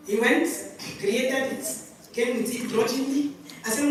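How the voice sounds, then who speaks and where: A woman's voice: a little high, lively intonation, normal speed, a crowd in the background. A woman speaking to an audience about parenting, emphatic and laughing between points. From Nigeria. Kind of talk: lively talk to an audience, telling stories. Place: conference hall. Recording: echoey hall from far off.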